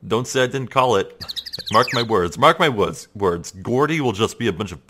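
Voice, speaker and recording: A man's voice: lowish voice, lively intonation, moderate pace, noisy background. Jokey man voicing game commentary. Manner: jokey, chatty asides. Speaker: let's play commentator. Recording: game music behind.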